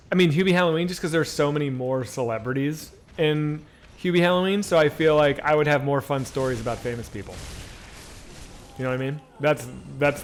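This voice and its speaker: Male streamer, a touch higher-pitched, loose profane banter with chat while he plays. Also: a little hiss or hum. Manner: rambling, profane, chatty with viewers. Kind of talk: casual live-stream chat while gaming.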